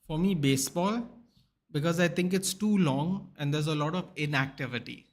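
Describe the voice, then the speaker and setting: Male watchalong host, a bit high-pitched, casual and rambling, tired and yawning. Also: normal speed. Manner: casual, rambling, answers viewer questions. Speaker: sports channel host. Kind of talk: live match watchalong commentary and chat replies.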